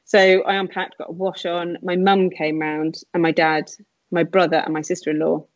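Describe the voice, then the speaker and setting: A woman telling a personal story in conversation, candid and emotional with quick asides. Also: on the low side, little pitch movement, dry recording, lo-fi sound. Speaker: guest sharing her story.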